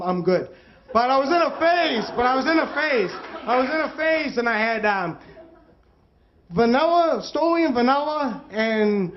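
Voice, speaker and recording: High-voiced man telling a story. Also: muffled recording. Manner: animated, acts out quoted voices. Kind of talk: storytelling monologue.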